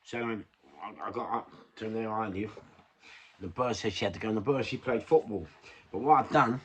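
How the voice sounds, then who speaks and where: A man's voice: fairly low pitch, normal speed, fairly bright tone, husky. An older man with a London accent tells a rambling street story in casual chat, swearing and laughing at himself. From England. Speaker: vlogger.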